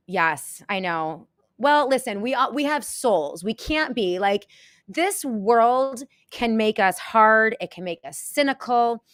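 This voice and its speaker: A woman hosting a live show, talking to her viewers in a halting, emotional way and close to tears. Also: medium pitch, a bit bright, no room sound. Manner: halting and emotional, many pauses and restarts. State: tearful, close to crying. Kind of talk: casual live-stream talk to viewers.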